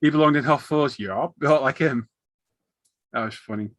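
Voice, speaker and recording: A man's voice: mid-range voice, normal speed, dry recording. A man, hosting a live stream in casual chat and acting out funny shop stories. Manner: animated storyteller acting out shop exchanges.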